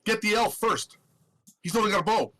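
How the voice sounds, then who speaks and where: A man's voice: sits high, normal speed, pitched above the performer's own voice. A man voicing a frantic male goblin guard in a live tabletop game. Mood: eager, bloodthirsty. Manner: frantic yelling. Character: shrieking male goblin sentry.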